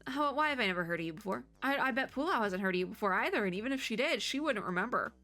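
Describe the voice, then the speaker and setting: A woman's voice: medium pitch, lively intonation, fast, sharp tone, faint music behind. A woman VTuber reading a game story aloud, with chatty, giggly, playfully sarcastic commentary.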